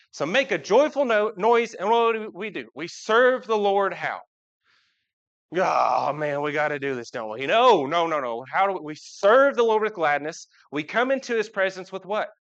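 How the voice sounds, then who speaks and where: A man's voice: sits high, a bit bright. A man preaching a casual live sermon in church, chatting with the congregation and asking it questions. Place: church sanctuary. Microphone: live church recording. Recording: dull lo-fi live church recording.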